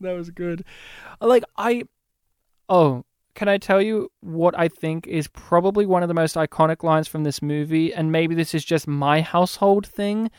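A man's voice: fairly high pitch, normal speed, a little mellow, clear, resonant tone, no echo, studio quality. A man hosting a casual movie review chat, enthusiastic and rambling. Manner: enthusiastic, rambling, quotes lines in funny voices. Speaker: podcast host.

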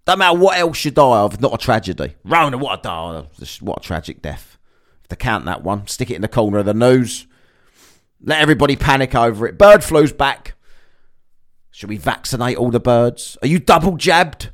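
A man's voice: mid-range voice, sing-song, normal speed. A man delivering a sarcastic, sweary ranting monologue as a vlogger.

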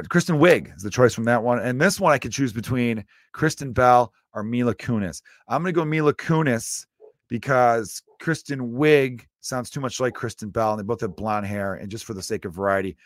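A man's voice: mid-range voice, dry recording, clean studio sound. An American man hosting his podcast, talking in a rambling, self-deprecating comedic monologue with plenty of swearing. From United States. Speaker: podcast host.

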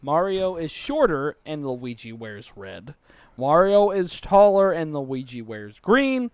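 A man with a lively, swinging voice reads quiz questions aloud to his friends, reacting with quick laughs between them. The sound is dry and close, with no room around it. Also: on the high side, smooth, dry recording. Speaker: podcast host reading a quiz. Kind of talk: casual group chat.

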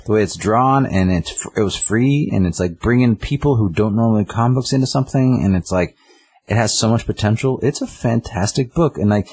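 A man with a very low voice and a husky, breathy grain, talking in relaxed chat. He rambles with eager enthusiasm and fills gaps freely. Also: a little fast. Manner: enthusiastic, rambling with many fillers. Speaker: podcast co-host, comic reviewer. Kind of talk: casual chat.

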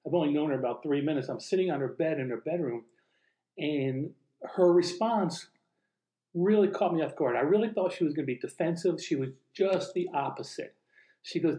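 A man recounting a true personal story in an animated way, acting out the dialogue he quotes. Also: a little high, moderate pace, roomy sound, rough recording.

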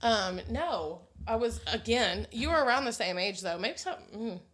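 A woman's voice: fairly high pitch, animated, normal speed, a bit bright. A woman in her thirties, a mother co-hosting a podcast, telling family stories in a casual, blunt way, laughing often and swearing freely. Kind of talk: casual storytelling chat.

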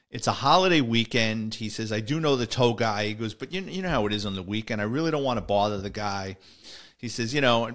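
A man's voice: mid-range voice, a bit bright. A middle-aged man, a retired police officer, telling a story in a casual monologue and voicing the people in it. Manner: conversational, voices the people in his story.

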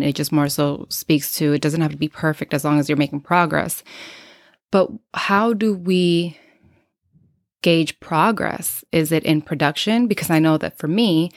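A woman's voice: deep voice, no room sound, clean studio sound. A woman in her thirties hosting an unscripted podcast, talking reflectively and candidly, thinking aloud with many fillers and restarts, a little out of breath. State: slightly out of breath. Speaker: podcast host.

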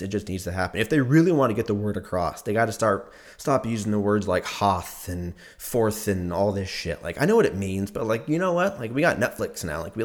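A young man telling a rambling, profane story in a casual monologue, laughing often as he goes. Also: on the low side.

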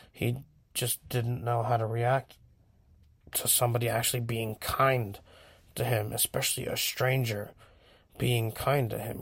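A man's voice: mid-range voice, gravelly, slightly rough, no echo. A man from California telling a frank, profane personal story in a casual rambling monologue. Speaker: vlogger.

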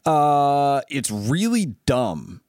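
A man's voice: medium pitch, big pitch swings, very slow, a little mellow, no room sound, clean studio sound. A man hosting a casual car show, chatting loosely and stammering through his restarts. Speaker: show host and car dealer.

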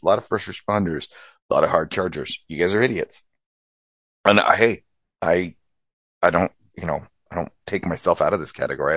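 Blunt low-voiced man teasing his guest. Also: a bit bright, dry recording, clean studio sound. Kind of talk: casual chat.

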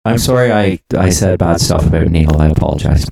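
A man with a somewhat low voice chats about music in an echoey room. He agrees eagerly and jumps in often, and his tone stays easy and conversational. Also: creaky, warm tone. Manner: eager, agreeable, quick to chime in. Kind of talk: casual chat.

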